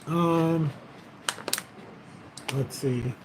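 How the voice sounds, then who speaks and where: On the high side and a little mellow, this man's voice moves extremely slowly as he hosts a casual crypto livestream. His market commentary is rambling and chatty, aimed straight at viewers via a tablet's built-in mic, with slight background noise.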